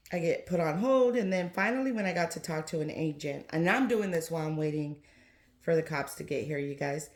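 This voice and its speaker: A woman with a Southern US accent, chatting casually in a vlog from her home doll nursery and telling a story with animated energy. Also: low voice, reverberant. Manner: chatty, animated, keeps saying "you guys". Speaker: reborn doll collector vlogger.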